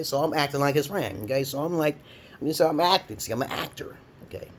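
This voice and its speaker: Male vlogger, profane rambling monologue, loud laughing outbursts, faint noise. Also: very fast, gravelly. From Brooklyn, New York. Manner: loud, laughing rants with sudden high shouts.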